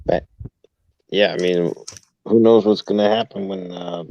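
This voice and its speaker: Brief: male guest, gravelly low voice, lively pitch, dull lo-fi call audio, easygoing. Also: measured pace. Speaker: stream guest. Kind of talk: casual chat.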